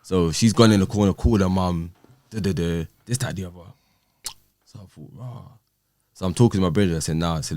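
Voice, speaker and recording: A man's voice: low-pitched, brisk, no echo. A man, telling a personal story on a podcast in casual talk and acting out the exchanges he quotes. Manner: animated, acts out quoted exchanges. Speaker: podcast guest.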